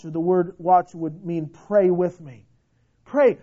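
A man preaching a sermon with passion, swinging between loud declarations and hushed, pleading lines. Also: high voice, a little slow, muffled recording. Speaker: pastor.

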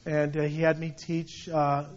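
Middle-aged male pastor with a high voice, animated anecdotal preaching; muffled lo-fi recording. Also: unhurried. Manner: conversational, animated storytelling with restarts. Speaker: senior pastor. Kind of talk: sermon. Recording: dull lo-fi sound.

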